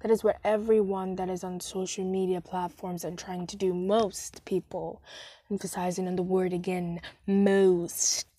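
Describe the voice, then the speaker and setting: A woman's voice: lowish voice, flat delivery, fairly quick, hardly any pauses, mellow, husky, no room sound. A young woman hosting a casual solo podcast, rambling and self-deprecating, recorded on a phone with wired headphones. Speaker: podcast host. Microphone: phone voice recorder app with wired headphones.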